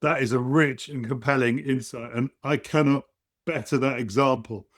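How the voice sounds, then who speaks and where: A male podcast host speaks in a polished manner, warmly appreciative of his guest. His voice sits in a middle range for a man. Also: medium pitch, fairly even intonation, normal speed. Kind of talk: interview hosting.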